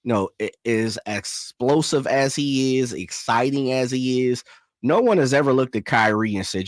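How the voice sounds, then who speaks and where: A man co-hosting a sports talk show, talking in an emphatic, colloquial way. His voice sits at a middle pitch and is recorded close and dry. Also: normal speed, no echo. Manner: emphatic, colloquial, uses boxing and horse imagery. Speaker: co-host.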